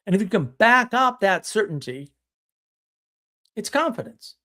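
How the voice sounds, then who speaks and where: A man's voice: high-pitched, sing-song, unhurried, bright, forceful tone. A man hosting a live stream, talking bluntly and emphatically, now and then mimicking other people as he tells stories. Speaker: host.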